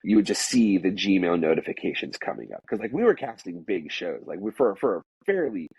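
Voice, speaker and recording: A man's voice: deep voice, sing-song, brisk, a little mellow, husky, no room sound, poor audio. A man telling a work story in casual conversation, rambling with many "like"s and restarts.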